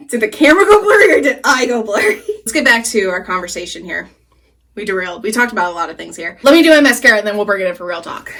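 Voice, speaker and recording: A young woman telling stories while doing her makeup, animated and swearing freely, jittery on caffeine. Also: mid-range voice. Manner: animated, swearing, laughing often, squealing when excited. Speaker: beauty vlogger. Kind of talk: chatty get-ready-with-me storytelling.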